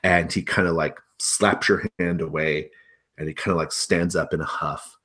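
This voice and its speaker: A man's voice: deep voice, steady tone, moderate pace, fairly bright tone, husky. A man narrating as game master of a tabletop role-playing game, talking with many hesitant fillers.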